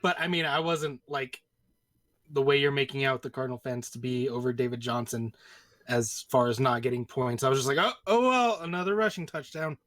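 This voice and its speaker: A man's voice: mid-range voice, flat delivery, fairly quick, a bit bright, dry recording, clean studio sound. A man co-hosting a podcast, talking in a wry, skeptical casual chat. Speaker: podcast co-host.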